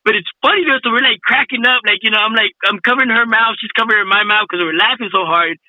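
A man's voice: sits high, fast, bright, forceful tone, no echo, muffled recording. A man telling a funny story in casual chat, laughing a lot, slangy and swearing often.

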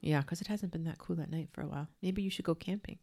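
A woman's voice: deep voice, quick pace, warm tone. A woman in her thirties co-hosting a podcast in casual, enthusiastic, teasing chat. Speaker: podcast co-host.

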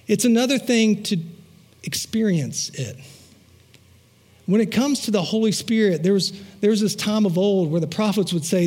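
A man's voice: sits high, expressive, moderate pace, darkish tone. A male pastor preaching a sermon, telling personal stories in a chatty way with asides to the congregation and repeated rhetorical phrases. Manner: conversational storytelling with asides to the congregation.

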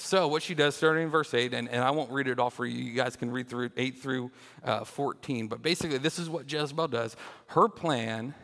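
A young man preaches with lively, playful energy, repeating words as he restarts his thoughts. His voice sits at an ordinary middle pitch. The sound carries the long reverb of a large church hall. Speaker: children's minister. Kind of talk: animated sermon.

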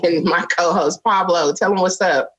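A woman's voice: lowish voice, moderate pace, fairly bright tone, husky. A young woman hosts a casual podcast chat, playful and teasing. She laughs often and keeps things loose and joking with her co-host.

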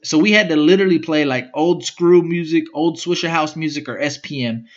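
A young man telling a rambling, profane story in a casual, animated way, often doing impressions of other people. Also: fairly high pitch, brisk, dull audio. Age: young adult.

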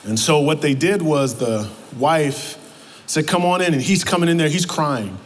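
High-voiced preacher in an echoing hall. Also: male voice, animated, a little slow, a little hiss or hum. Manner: emphatic, repeats words, calls out to the congregation. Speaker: pastor. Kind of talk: sermon. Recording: long hall reverb, faint ambience.

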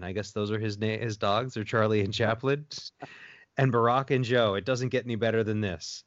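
A man's voice: fairly low pitch, fairly even intonation, normal speed, no room sound, highs cut off. A man co-hosting a casual chat and telling stories, rambling with many fillers and restarts. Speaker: podcast co-host.

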